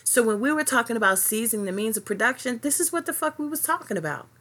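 A woman's voice: a little high, lively intonation, fast talker, a bit bright. A woman hosting her own podcast, talking alone in a passionate, profane rant that rambles with many fillers and restarts. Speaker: podcast host. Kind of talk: solo podcast monologue.

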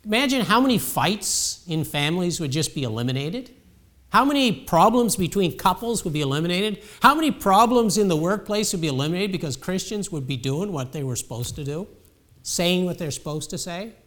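A man's voice: high voice, animated, brisk, fairly bright tone. A male preacher giving a sermon in a conversational way, often repeating words as he restarts a sentence.

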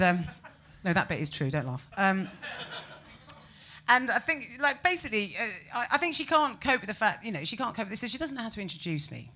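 A British woman performing a stand-up comedy set, ranting with incredulous, animated exclamations. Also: mid-range voice. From Britain.

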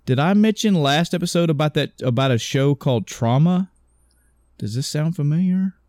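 A podcast co-host with a fairly high, expressive, darkish voice retells a story at normal speed in a casual chat. He rambles, corrects himself, swears offhand and acts out the characters' lines, all in clean studio sound with no room echo.

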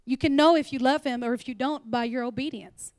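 High-voiced woman preaching with lively emphasis. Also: brisk, no room sound, clean studio sound. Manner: animated, laughing, dropping to whispers. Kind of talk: sermon. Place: church.

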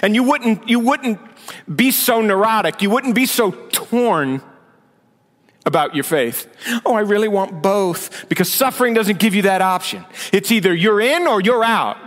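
Speaking at a normal pace in a voice that sits high and a bit bright, a senior pastor gives a chatty sermon with sarcastic asides that climb to emphatic points. The sanctuary is large, and its long reverb hangs on every word.

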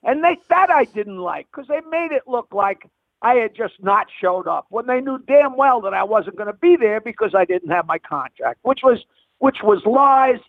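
A comedian guest telling blunt stories over the phone, rambling with frequent restarts. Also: male voice, very high voice, animated, normal speed, no room sound. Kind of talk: phone interview, storytelling. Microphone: telephone. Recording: dry phone line.

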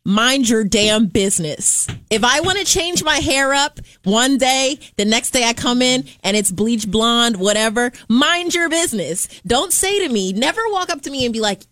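A woman's voice: fairly high pitch, expressive, normal speed, hardly any pauses, fairly bright tone. A young woman co-hosting a radio show, sassy and emphatic in casual banter. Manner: sassy, emphatic, laughs often. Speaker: radio co-host.

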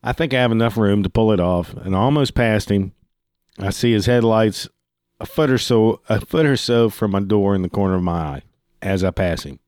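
A man with a fairly low, darkish voice tells a story casually at normal speed, swearing freely as he gets worked up. The recording is dry and close, with no room sound at all.

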